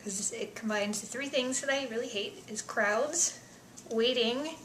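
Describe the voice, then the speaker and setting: A young woman vlogger chatting casually through survey questions, self-deprecating, with soft mumbled asides. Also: a little high, measured pace, echoey room, a little hiss or hum, poor audio.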